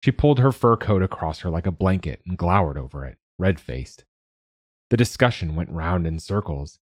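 Deep husky man reading a storybook. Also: animated, moderate pace, a little mellow, dry recording, studio quality. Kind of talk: storybook narration.

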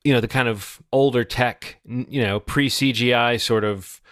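A man's voice: medium pitch, steady tone, moderate pace, fairly bright tone, no room sound, clean studio sound. A man in his forties talking through a movie on a podcast, thoughtful and hesitant, with many restarts. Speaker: podcast co-host. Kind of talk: casual film discussion.

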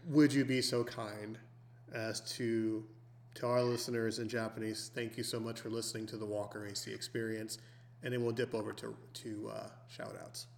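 A man's voice: lowish voice, flat delivery, normal speed, gravelly. A man hosting a podcast in casual chat, making courteous, politely phrased requests to his guest. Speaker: podcast host.

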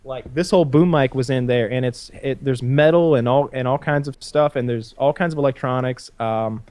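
A man's voice: medium pitch, normal speed, darkish tone, clear, resonant tone, dry recording. A man in casual conversation, talking in a rambling way with lots of restarts and blunt opinions. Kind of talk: casual chat.

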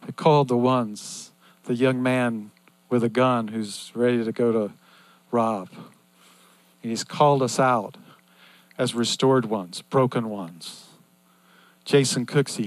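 An older man preaching a sermon in an earnest, repetitive cadence that swings between loud and hushed. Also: medium pitch, steady tone, slow pace, long pauses, no echo.

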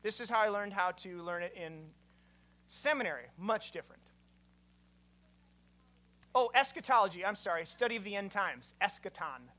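Man, pastor, teaching sermon, bright tone, animated, quizzes the crowd. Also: high-pitched, moderate pace, pauses often.

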